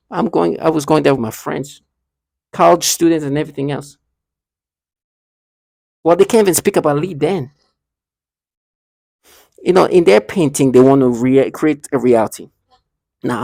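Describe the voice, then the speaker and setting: A man talking to camera in a rambling, halting monologue, restarting and repeating himself often. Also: fairly high pitch, gravelly, darkish tone, no echo, clean studio sound. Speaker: vlogger.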